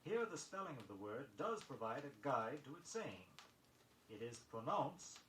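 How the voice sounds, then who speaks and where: A man reading a scripted pronunciation lesson, measured and precise, spelling words letter by letter on an old record. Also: a little high, a bit bright. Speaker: vocabulary record instructor. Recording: echoey vintage vinyl recording with faint noise.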